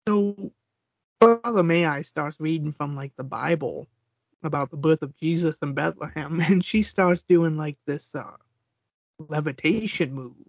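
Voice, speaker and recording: A man's voice: fairly high pitch, measured pace, vocal fry, no echo. A man co-hosting a podcast, casually retelling movie scenes and quoting lines, often laughing. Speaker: podcast co-host. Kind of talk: casual movie recap chat. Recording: dull lo-fi sound.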